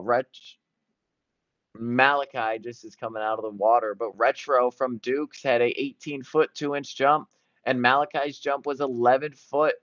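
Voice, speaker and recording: Excited male play-by-play commentator. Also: mid-range voice, no echo, highs cut off. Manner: excited, jumping between events. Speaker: sports commentator.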